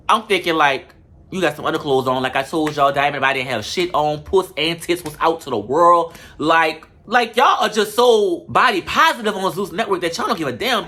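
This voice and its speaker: A sassy show-review vlogger with a bright, forceful tone, cursing freely through a comedic recap and talking right to the viewers. The delivery jumps between quick asides and slow, drawn-out emphasis. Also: medium pitch, husky. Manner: sassy, profane, talks straight to viewers.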